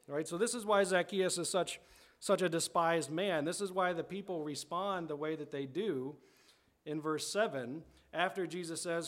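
A man's voice: on the high side, normal speed. A man preaching a sermon as a pastor, conversational, often checking in with the congregation and rephrasing as he explains scripture.

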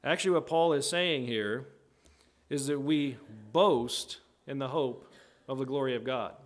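A man preaching a conversational sermon in a teaching tone, often checking in with "right?" and acting out quoted voices. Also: a little slow. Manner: acts out quoted voices with big pitch jumps.

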